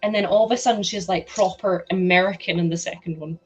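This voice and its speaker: A young woman hosting a live stream, chatting excitedly and laughing as she builds a toy set. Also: on the low side, fast talker, husky, lo-fi sound, soft background music. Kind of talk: casual chat while building a toy set.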